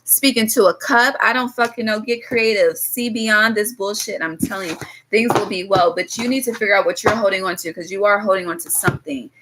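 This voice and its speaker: A woman's voice: medium pitch, a little fast, background noise. A woman giving a loose, casual tarot reading to her viewers, blunt and swearing freely, drifting into chatty asides. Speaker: tarot reader.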